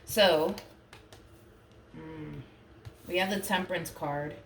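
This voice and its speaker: A woman reads tarot casually, her voice low but fairly bright in tone as she takes it slowly. She's chatty, uses many fillers and says she doesn't like getting emotional. There's reverb and slight background noise.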